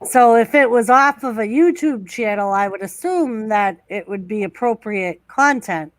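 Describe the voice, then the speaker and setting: A woman's voice: fairly high pitch, lively intonation, unhurried, no echo. A woman co-hosting a live stream, chatting casually and reacting to wrestling. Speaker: stream co-host.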